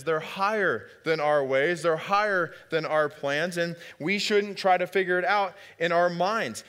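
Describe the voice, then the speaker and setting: A man preaching a sermon, lively and conversational, who acts out biblical dialogue in different voices. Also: sits high. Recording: long hall reverb.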